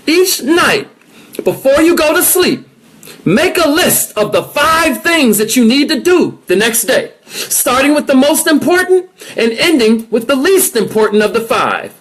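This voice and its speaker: A man giving an energetic motivational talk, coaching his listeners directly and with emphasis. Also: extremely high pitch. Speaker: motivational speaker.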